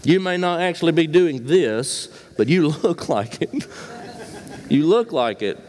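A male pastor delivers an unhurried sermon in a fairly high voice. He presses his listeners with rhetorical questions, rising to emphatic peaks and dropping low and quiet. The sound carries a long church-hall reverb. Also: animated.

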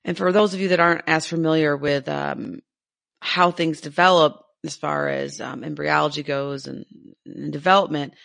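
A woman co-hosting a podcast with a bright, forward tone, talking about science with eager enthusiasm. She rambles and laughs easily, heard on a dry, close mic. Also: sits low, fairly even intonation, normal speed, creaky, dry recording. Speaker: podcast co-host. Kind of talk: casual science chat.

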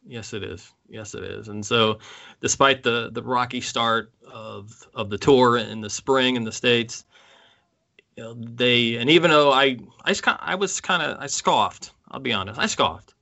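A man co-hosting a music podcast in a casual, enthusiastic chat. His voice is bright and forward, and he often stops and restarts his sentences as he thinks aloud. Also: medium pitch, vocal fry, lo-fi sound. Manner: enthusiastic, halting with restarts and laughs. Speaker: podcast co-host. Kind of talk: casual chat about concert tours.

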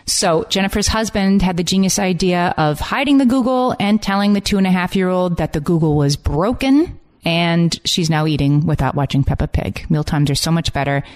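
Low-voiced woman reading listener stories. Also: normal speed, hardly any pauses, darkish tone. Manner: upbeat, chatty reader of listener stories. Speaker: podcast co-host. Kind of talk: casual chat, reading listener messages.

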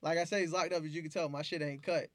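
A man, a beat producer, telling profane, animated stories in a casual interview. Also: on the high side, quick pace, no echo. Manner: profane, animated storytelling with acted-out quotes.

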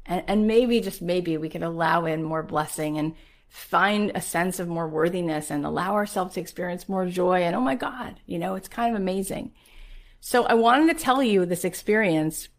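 Emphatic woman in her forties, lowish voice. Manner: emphatic storytelling with rhetorical questions. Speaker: podcast host. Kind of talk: motivational personal monologue.

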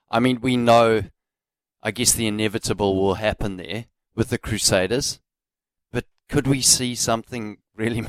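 A man with a New Zealand accent co-hosting a sports radio show, easygoing and quick to rib his partner. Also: fairly low pitch, no room sound. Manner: easygoing, laughing, ribbing his co-host. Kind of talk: casual sports radio chat. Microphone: studio microphone.

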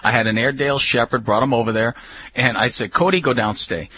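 A man hosting a radio talk show, telling a lively story and acting out what people said. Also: mid-range voice, fast talker, slightly rough. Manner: animated storyteller, acts out quotes.

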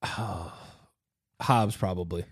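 A man co-hosting a casual podcast chat, loose and profane, who slips into goofy high voices when he quotes someone. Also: fairly even intonation, very slow, slightly rough. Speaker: podcast co-host.

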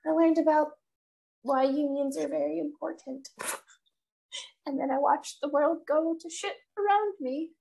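A woman's voice: high voice, a little slow, vocal fry, long pauses, slight background noise. A young woman co-hosting a podcast, chatting casually, swearing and laughing as she tells stories. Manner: animated, swearing, laughing storyteller. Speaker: podcast co-host. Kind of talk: casual chat.

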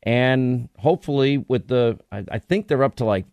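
A man's voice: mid-range voice, normal speed, no room sound, dull audio. A man hosting a talk radio show, delivering a rambling, emphatic, conversational monologue into a studio microphone.

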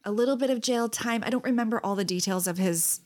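A woman with a voice on the high side talks at a quick clip while co-hosting a laid-back podcast. Animated and quick to laugh, she tells stories and performs the quotes within them.

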